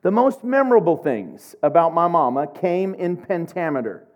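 A middle-aged man from Oklahoma preaching a sermon, telling humorous, animated stories. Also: fairly high pitch, normal speed, few pauses, highs cut off. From Oklahoma, USA. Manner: humorous, animated storytelling with laughs.

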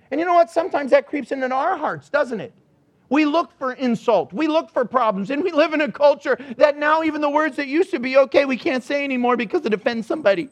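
High-voiced preacher, fervent. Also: male voice, animated, fairly quick. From United States. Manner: dramatic, acts out voices, swings from soft to shouting. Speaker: pastor. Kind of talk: sermon.

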